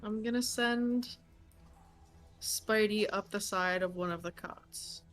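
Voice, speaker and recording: A woman with a mid-range voice plays in a tabletop game, speaking casually and a little tentatively. She pauses on ums as she thinks through her moves. Faint music sits in the background. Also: mid-range voice. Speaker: player.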